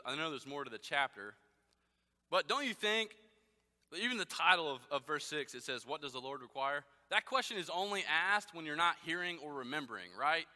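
Bright high-voiced male preacher, reverberant hall. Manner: conversational, rhetorical questions, frequent "right?". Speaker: guest speaker. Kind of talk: sermon.

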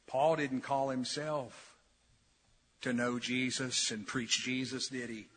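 A man preaching an expository sermon as pastor, dramatic and conversational, swinging from quiet asides to loud emphatic peaks. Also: medium pitch, fairly even intonation, measured pace, husky. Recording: long reverb of a large church hall.

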